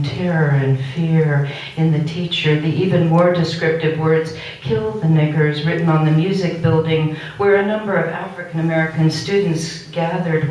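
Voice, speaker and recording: Poet for a live gallery reading of found transcript text; recited, performance-style delivery, captured from a distance with strong room echo. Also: medium pitch. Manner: recites found speech and court record text aloud. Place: art gallery, indoors. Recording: very echoey room recorded from far off.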